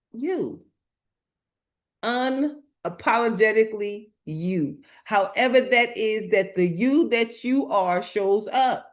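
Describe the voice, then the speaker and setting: A woman speaker preaching to an online live audience, slow and emphatic, repeating her phrases in colloquial talk and calling out to the chat. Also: medium pitch. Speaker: motivational speaker.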